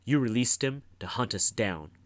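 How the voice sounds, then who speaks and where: A man's voice: medium pitch, expressive, normal speed, voice pushed up, close to an everyday voice. A man voicing an earnest teenage boy hero who speaks in a controlled, earnest way.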